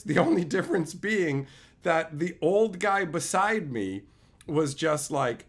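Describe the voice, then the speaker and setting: A man from Canada chatting casually on his livestream, loopy after sedation, with animated, profane ranting. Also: fairly high pitch. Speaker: streamer.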